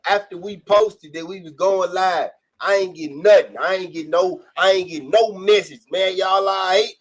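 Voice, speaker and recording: A man's voice: sits high, moderate pace. A man, co-hosting a podcast in loose, profane, emphatic casual chat that circles back on itself. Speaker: podcast co-host.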